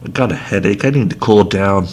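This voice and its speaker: A man's voice: lowish voice, brisk, a little hiss or hum. A man hosting a sports talk show, ranting heatedly with a self-aware, joking edge. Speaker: podcast host. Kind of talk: sports rant.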